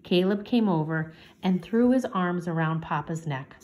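A woman teacher reading a chapter book aloud to children, gently, lifting her voice for the children's lines. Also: fairly low pitch, normal speed. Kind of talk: storybook read-aloud.

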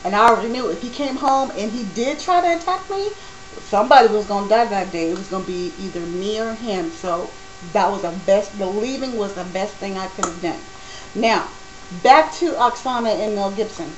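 Animated woman telling a personal story. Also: mid-range voice, normal speed, a little hiss or hum, rough recording. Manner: animated, acts out quoted dialogue.

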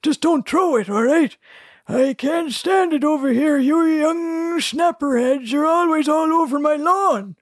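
A woman's voice: high-pitched, a little slow, dry recording, pitched above the performer's own voice. A woman voicing a grumpy old man with a cranky, complaining manner. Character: grumpy old man shouting about his lawn.

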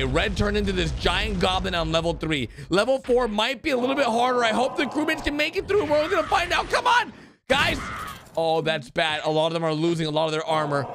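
Excitable high-voiced man reacting to animations. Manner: excitable, cheers on and scolds on-screen characters. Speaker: reaction video host. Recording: noisy recording with clicks.

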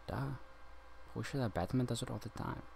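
A man's voice: mid-range voice, moderate pace, vocal fry, darkish tone, a little hiss or hum. A man talking in a rambling monologue that drifts between loose talk, nonsense syllables and chant-like sounds.

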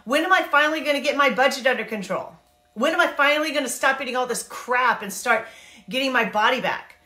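A woman giving a casual, animated Bible talk, chatty and acting out characters in quick asides. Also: sits high, roomy sound. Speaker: Bible teacher and life coach. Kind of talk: casual Bible teaching to camera.

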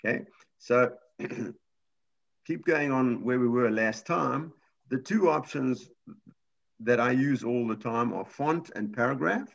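A man's voice: medium pitch, slow, gravelly, lo-fi sound. A man teaching a computer class, explaining step by step in a patient way with frequent restarts. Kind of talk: live class lesson.

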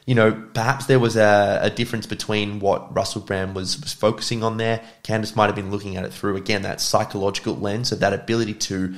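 A man's voice: on the low side, level tone, fairly quick, hardly any pauses. A man giving reflective commentary on podcast clips, thinking aloud with fillers. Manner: reflective, talks it through with fillers. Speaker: podcast reviewer.

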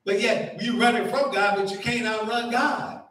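A man preaching a sermon, animated and conversational, acting out voices and dropping to a hush. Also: high-pitched, normal speed. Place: church sanctuary. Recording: echoey church from far off.

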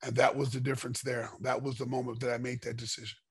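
A middle-aged man from the United States, a former fighter guesting on a podcast, telling stories in a casual, animated way and acting out the dialogue. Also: medium pitch, fast talker, husky, no room sound. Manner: animated storyteller, acts out dialogue. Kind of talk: casual storytelling interview.

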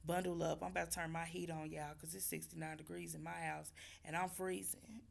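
A woman, hoarse from losing her voice, talking fervently to her viewers about faith and repeating phrases like a preacher. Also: fairly low pitch, level tone, a little fast. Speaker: vlogger. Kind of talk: casual faith talk to viewers.

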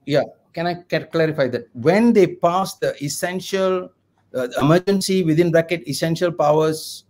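A man's voice: on the high side, normal speed, a little mellow. A middle-aged man with a Malaysian English accent, a lawyer guest on an online video interview, talking in an impassioned, ranting way.

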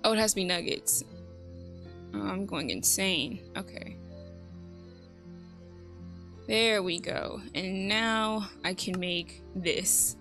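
A woman's voice: mid-range voice, takes it slowly, a bit bright, faint music behind. A woman giving casual gameplay commentary, chatty and thinking aloud, joking at herself. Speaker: let's play host.

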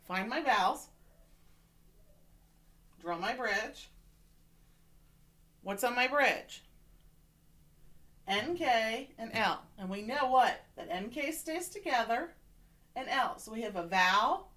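Woman teacher, slightly high voice, patient and encouraging, walking children through a reading lesson online. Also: lively intonation, slow, long pauses, fairly bright tone. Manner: encouraging, patient, repeats "okay?" to check in.

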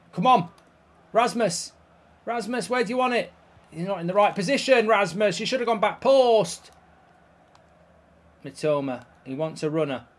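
A man commenting live on a football video game, swearing and reacting loudly to each play. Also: fairly high pitch. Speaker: YouTube gaming host.

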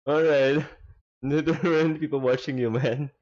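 A man's voice: fairly high pitch, fairly even intonation, normal speed, a little mellow, muffled recording. Laughing, rambling male stream host. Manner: laughs often, rambling with restarts. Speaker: interview host on a live stream. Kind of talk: casual live-stream chat.

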